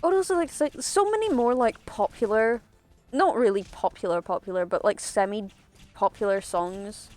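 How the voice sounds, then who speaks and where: A woman chats loosely while streaming a game, wandering from thought to thought, cutting herself off and laughing now and then. Her pitch sits in an ordinary middle range. Faint game music plays underneath her voice. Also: moderate pace, darkish tone. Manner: rambling, self-interrupting, laughs often. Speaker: streamer playing a video game. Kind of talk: casual gaming stream chatter.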